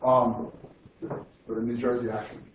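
A man's voice: medium pitch, level tone, unhurried. A man, a physics professor, giving an informal lecture in a digressive, joking way and often checking in with "okay?". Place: lecture hall. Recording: echoey lecture hall from far off with faint noise.

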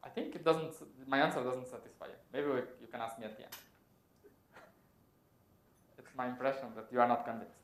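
Speaking briskly but with long pauses, a man with a medium-pitched voice lectures on technical physics. His explanation unfolds step by step as he thinks out loud and revises himself, and the lecture room echoes.

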